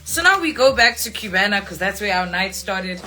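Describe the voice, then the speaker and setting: Animated woman telling a story. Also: medium pitch, moderate pace, soft background music. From South Africa. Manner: animated, swears freely, acts out friends' lines. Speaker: livestream host. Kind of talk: casual storytelling on a live stream. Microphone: phone mic.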